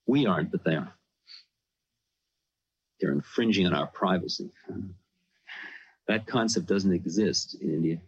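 A man's voice: on the low side, creaky, a little mellow. A man telling a personal story in a rambling, conversational way, often saying "you know". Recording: dull lo-fi recording.

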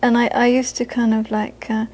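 A woman's voice: a little high, little pitch movement, moderate pace, a little mellow. A British woman, a Buddhist teacher, giving a dharma talk to a live audience, earnest and repeating phrases for emphasis, with frequent laughter.

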